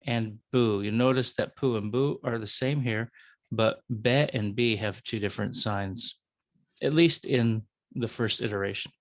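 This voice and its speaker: A male professor gives a recorded lecture, sounding out syllables one by one and explaining them to students with fillers and asides to the student. His mid-range voice moves at a normal speed, with no echo.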